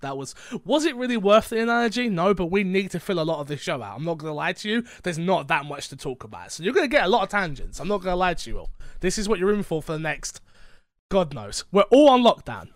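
A fairly high-voiced man with a London accent chats loosely as a podcast host, wandering into jokey tangents. He sounds stuffy with a blocked nose and sore throat. The recording is close and dry. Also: very animated, fast talker, no room sound. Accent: London English. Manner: rambling, joking, tangent-prone. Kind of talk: casual podcast chat.

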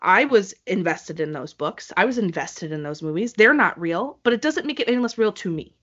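Woman, podcast co-host, casual chat, animated, acts out quotes, slightly dull audio. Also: medium pitch, fairly quick. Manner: chatty, animated storyteller who acts out quoted voices.

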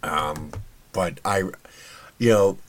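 A man with a very low voice hosts a podcast on his own. He talks in a loose, opinionated, chatty way. He fills his speech with ums and uhs and often restarts his sentences. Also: extremely slow. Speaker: podcast host. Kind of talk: casual solo commentary.

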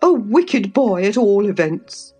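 A woman's voice: mid-range voice, sing-song, takes it slowly, a little mellow, husky, faint music behind, voice pushed up, full character voice. A woman reading aloud, voicing a fussy, easily shocked elderly lady of the manor. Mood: indignant. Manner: indignant and fussy.

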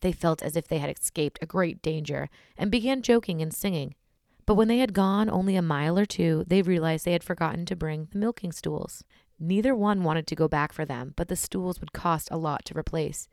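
A woman's voice: fairly low pitch, fairly quick, darkish tone, dry recording, studio quality. A woman podcast host reading a scary story aloud in a casual, blunt way. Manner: casual and blunt, swears in asides.

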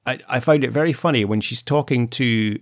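A man's voice: mid-range voice, dry recording, clean studio sound. A man co-hosting a podcast, chatting casually about a horror film and laying out his points step by step. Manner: measured, agreeable, lays out points step by step. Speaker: podcast co-host.

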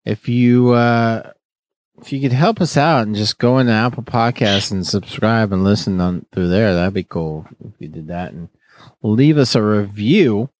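A man's voice: lowish voice, moderate pace, a little mellow, no echo, studio quality. Joking, rambling man podcast host. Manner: rambling, joking, many restarts. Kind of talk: casual chat.

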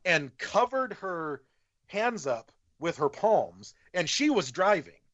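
Speaking slowly in a high-pitched voice, a man shares a story as a podcast guest, casual and animated, with plenty of swearing and impressions of other people's lines. The recording has no room sound and is slightly muffled.

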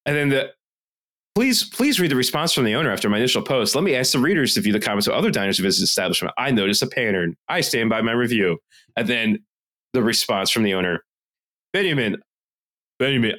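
A man's voice: medium pitch, fairly bright tone. A man co-hosting a casual podcast, ranting with a lot of swearing and reading reviews aloud. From Philadelphia area. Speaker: podcast co-host.

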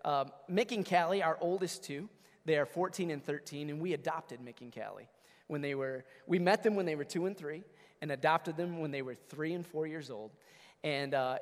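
A man in his thirties, a pastor preaching a conversational, energetic sermon and calling out to his congregation. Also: on the high side, moderate pace, in a large hall. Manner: energetic, conversational preaching with audience call-outs. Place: church sanctuary.

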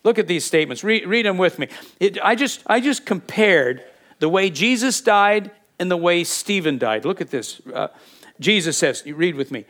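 A man's voice: high-pitched, expressive, normal speed, a bit bright. A man preaching a sermon in a conversational way, asking the congregation questions and repeating words as he goes. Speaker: pastor.

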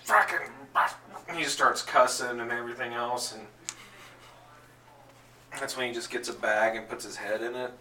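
A man narrating a tabletop game as game master, telling the story in an animated, jokey way, recorded from a distance in an echoey room. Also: medium pitch, normal speed, pauses often, a little hiss or hum. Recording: echoey room, distant mic, faint ambience.

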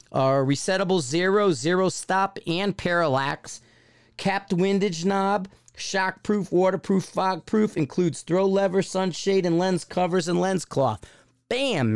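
A man's voice: a little high, clear, resonant tone, no room sound, clean studio sound. A man hosting a podcast in casual solo chat. He rambles, with many fillers and restarts. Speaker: podcast host.

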